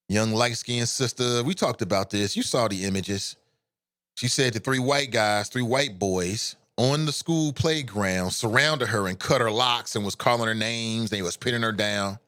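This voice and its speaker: A man's voice: fairly low pitch, fairly bright tone. A man hosting a live show at home, giving blunt, impassioned and profane opinion commentary.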